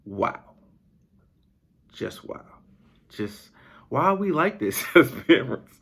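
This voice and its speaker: A man hosting a podcast in a comedic monologue, incredulous and animated, laughing often. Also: mid-range voice, slow pace, gravelly, breathy edge. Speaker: podcast host.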